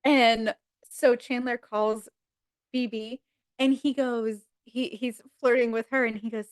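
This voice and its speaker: A woman's voice: fairly high pitch, slow. A woman chatting as a podcast guest, retelling scenes with lots of laughter and acting out the quotes. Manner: animated retelling, laughs often, acts out quotes. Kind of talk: casual chat.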